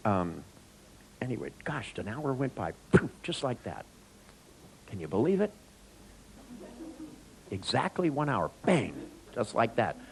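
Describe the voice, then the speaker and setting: The seminar speaker's voice sits on the low side, captured in a low-quality recording with slight background noise. Addressing his live audience directly, he tells animated stories and jokes.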